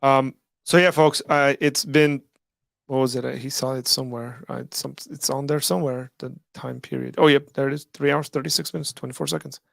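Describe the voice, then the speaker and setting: A man's voice: medium pitch, fairly even intonation, fairly quick, vocal fry, no room sound, clean studio sound. A man hosting a live call-in stream, talking casually with lots of "like" and "right?", his voice worn from hours of talking. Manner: rambling, filler-heavy, frequent "like" and "right?". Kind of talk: casual livestream talk.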